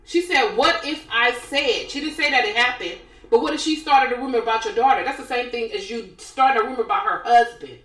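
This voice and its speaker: A woman's voice: fairly high pitch, a little fast, few pauses, roomy sound, low-quality recording. A woman co-hosting a podcast, retelling reality TV gossip in casual chat and acting out what each person said. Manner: animated storyteller acting out quotes. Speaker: podcast co-host.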